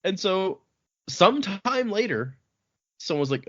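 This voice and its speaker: Man, casual book recap, lively pitch, frequent laughs, dull lo-fi sound. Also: a little slow. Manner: animated, laughs often, many restarts. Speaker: podcast host recapping a book. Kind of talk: casual book-club chat. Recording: dull lo-fi podcast audio.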